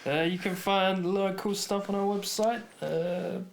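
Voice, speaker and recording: A man's voice: high-pitched, fairly even intonation, moderate pace, a little hiss or hum. Laid-back man in his twenties. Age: 20s. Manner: laid-back, chatty, plugs the website. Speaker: podcast co-host. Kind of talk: casual chat.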